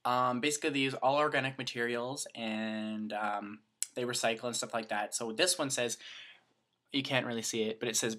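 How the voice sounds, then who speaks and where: A man's voice: medium pitch, little pitch movement, normal speed, sharp tone. A young man from Canada chatting to camera in a rambling, self-mocking vlog. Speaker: vlogger. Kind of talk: casual chat to camera.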